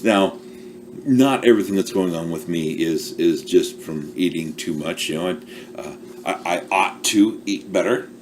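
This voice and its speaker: A man's voice: deep voice, measured pace, noisy background. A man coaching small businesses on marketing in a chatty, self-deprecating, casual talk to camera. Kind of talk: casual talking-to-camera advice.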